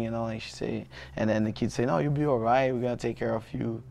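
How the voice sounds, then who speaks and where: A jiu-jitsu athlete in his thirties, speaking with a Brazilian Portuguese accent, shares a personal story in an interview. He halts, restarts, and leans on lots of fillers. His mid-range voice has vocal fry and fairly even intonation.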